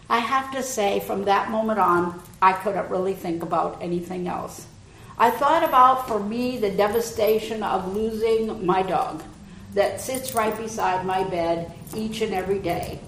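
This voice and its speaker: A woman preacher tells a scripture story in a slow, gentle sermon voice that sits a little high. Her words carry around an echoey church with a faint hum of room sound behind her. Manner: gentle, unhurried retelling with soft dips in loudness.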